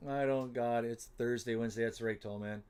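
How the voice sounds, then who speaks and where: A man hosting a solo livestream giveaway, flustered and muttering to himself as he fumbles with the software. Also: medium pitch, fairly even intonation, fairly quick, clean tone. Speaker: livestream host running a giveaway. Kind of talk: casual solo livestream chat.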